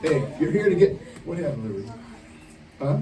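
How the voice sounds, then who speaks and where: A man preaching at a youth camp, playfully teasing the campers and barking quick commands as he leads a game. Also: fairly high pitch, big pitch swings, crowd noise. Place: camp meeting hall with campers. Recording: echoey hall, distant mic, noisy.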